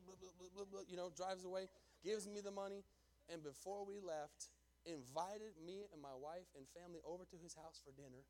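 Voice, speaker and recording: A male pastor telling a story in a sermon, emphatic and animated, swinging between hushed asides and loud declarations. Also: high voice. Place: church sanctuary before a congregation.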